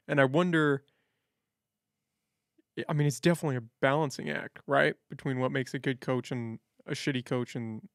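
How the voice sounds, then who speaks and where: A man's voice: mid-range voice, dry recording, studio quality. A man hosting a podcast, asking reflective follow-up questions in casual conversation. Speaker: podcast host. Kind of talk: conversational interview.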